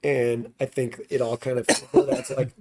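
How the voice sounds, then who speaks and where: A touring band musician, guesting on a podcast, tells a tour story in a loose, profane, rambling way full of "like" fillers. His voice is medium-pitched and dark, with a flat delivery at a measured pace.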